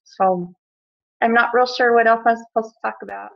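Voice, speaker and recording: A woman sharing tips on a conference call, modest and earnest, pausing with ums. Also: a little high, gravelly. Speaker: team member sharing tips. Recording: dull, muffled phone line.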